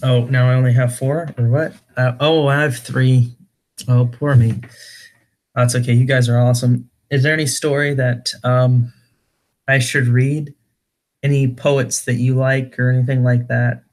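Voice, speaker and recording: Streamer man, middle-pitched voice, casual chat, reads aloud and corrects himself often. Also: flat delivery, measured pace, a little mellow. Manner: stumbling, self-correcting reading. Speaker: livestream host. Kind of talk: casual livestream chat and poem reading.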